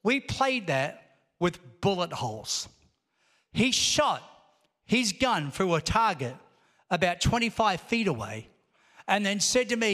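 Male preacher, high voice, storytelling sermon that builds to emphatic exhortation, big reverberant church hall. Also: sing-song, measured pace, pauses often, bright, forceful tone. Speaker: pastor. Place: large church auditorium.

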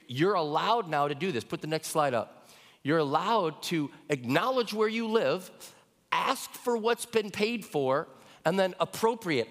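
A middle-aged male pastor preaches a sermon with a medium-pitched voice and a long reverb tail. He tells stories conversationally and often checks in with the congregation.

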